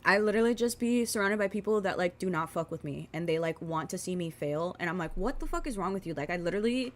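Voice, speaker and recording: Her lowish voice is expressive and fast as she rambles profanely through a casual rant, leaning on plenty of filler words. She's a vlogger in her twenties, doing her makeup as she talks.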